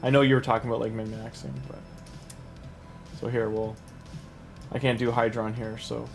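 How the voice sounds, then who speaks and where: A man's voice: mid-range voice, little pitch movement, normal speed, creaky, faint music behind. A man casually commenting a live game stream in a chatty, rambling way, talking to his chat and laughing easily.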